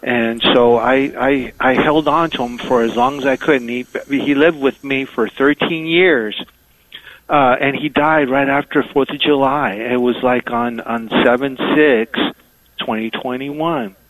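A man calling in to a radio show, speaking haltingly with many fillers and pauses. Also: medium pitch, steady tone, fairly bright tone, low-quality recording. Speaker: caller. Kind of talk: call-in radio chat.

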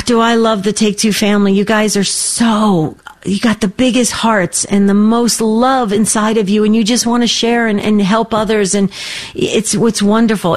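A woman hosting a faith-based call-in radio show, encouraging and affirming each caller. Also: medium pitch.

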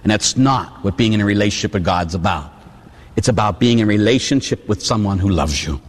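A Catholic priest from Pittsburgh preaching a storytelling sermon, animated, acting out voices and shouting at the peaks. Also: male voice, on the low side, brisk. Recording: long hall reverb.

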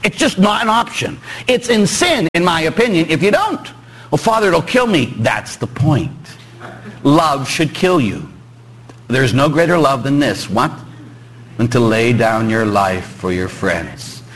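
A man's voice: a little slow, rough recording. A man with a Pittsburgh accent, a priest preaching a joking, emphatic sermon to his congregation in a church. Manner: animated, joking with congregation, rising emphatic pitch.

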